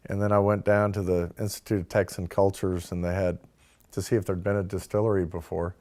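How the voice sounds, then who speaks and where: A man with a very low voice tells a long, casual story about starting his business. He acts out the people in it in quick bits of dialogue and fills the gaps with "like" and "you know.". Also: flat delivery, a little mellow. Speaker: distillery founder telling his start-up story.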